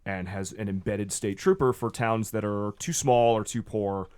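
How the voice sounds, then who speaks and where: A man's voice: fairly low pitch, steady tone, normal speed, darkish tone, clean tone. A man serving as game master, narrating a tabletop game in a casual way with filler words.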